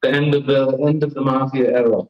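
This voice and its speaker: The recording is lo-fi live stream audio of a young man from Florida hosting and doing stand-up on a comedy stage. Rambling and self-deprecating, he jokes back and forth with the crowd in a steady, medium-pitched voice at a quick pace.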